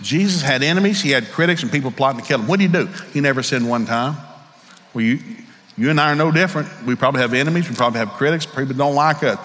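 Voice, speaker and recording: Speaking fast in a large hall, a middle-aged man with a Southern accent preaches a storytelling sermon, his mid-range voice fairly bright. He's folksy and candid, voicing the people in his tales.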